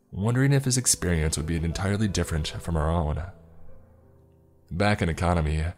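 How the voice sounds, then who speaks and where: A man reading a first-person horror story in a measured storytelling way. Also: sits low, darkish tone.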